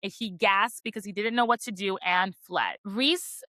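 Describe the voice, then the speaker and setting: On a book podcast, a woman with a medium-pitched, sharp voice speaks at normal speed with no echo. Her chapter recap is casual and chatty, stuffed with "like" and playful jabs about the spicy scenes.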